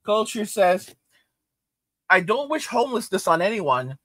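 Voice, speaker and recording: High-voiced ranting man reading chat. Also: unhurried, dry recording. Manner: animated, ranting, repeats lines for emphasis, laughs often. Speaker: commentary host reading chat comments. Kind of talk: casual reaction commentary.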